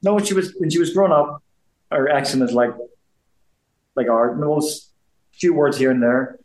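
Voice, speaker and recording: Speaking a little high at normal speed, with a slightly mellow quality, this man is a Belfast ex-boxer in his fifties chatting casually as an interview guest. He rambles, repeats himself and restarts often; the low-quality recording has an echoey room.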